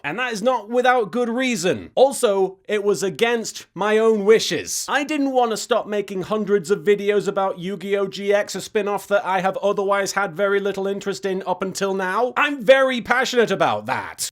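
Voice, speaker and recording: A young British man hosting a comedic episode recap, rambling in a sarcastic, mock-serious way. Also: high-pitched. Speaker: web series host. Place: standing in front of a green screen.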